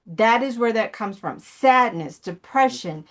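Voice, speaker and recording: A woman's voice: a little high, animated, unhurried. Earnest woman preaching with blunt urgency. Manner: earnest, pleading, blunt, at times profane; rambling, with many fillers and restarts. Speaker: ministry coach. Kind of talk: emotional motivational preaching.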